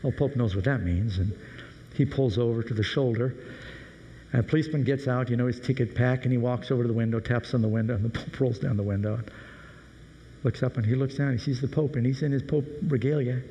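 A man preaches in a relaxed, anecdotal storytelling way. His voice is mellow and dark, and a long hall reverb trails behind every phrase. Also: mid-range voice, fast, dull audio, a little hiss or hum. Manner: conversational, anecdotal. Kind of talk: sermon storytelling.

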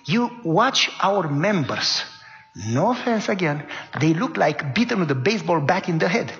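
A middle-aged man with a high-sitting voice delivers a sermon at normal speed, telling a story in an animated way and acting out the voices of its characters. The recording is dull, with hall-like reverb.

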